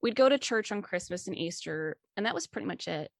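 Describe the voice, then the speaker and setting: A woman voicing a frightened teenage boy who talks in a trembling, halting way with stammers. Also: medium pitch, animated, creaky, dry recording, studio quality. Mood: upset. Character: scared teenage boy, shaky and strung out.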